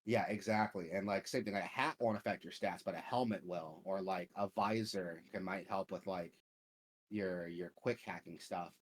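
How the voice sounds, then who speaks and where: A man's voice: low-pitched, normal speed, husky. A man hosting a gaming podcast, chatting casually in a profane, rambling way full of filler words. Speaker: podcast host.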